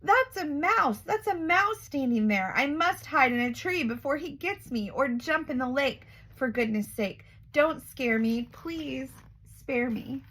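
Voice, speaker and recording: A big male storybook elephant, timid and apologetic, who jumps to a high squeal at the sight of a mouse, voiced by a woman reading aloud. The delivery is slow and drawn out. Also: steady tone, creaky, a bit bright, exaggerated voice. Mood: panicked. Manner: pleading, squeals when startled.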